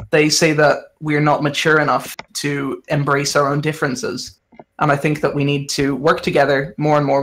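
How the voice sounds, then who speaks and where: A man's voice: on the high side, creaky, a bit bright, a little hiss or hum. A man answering as a panelist in a political debate, speaking with growing passion and emphasis. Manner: impassioned, rising to emphasis.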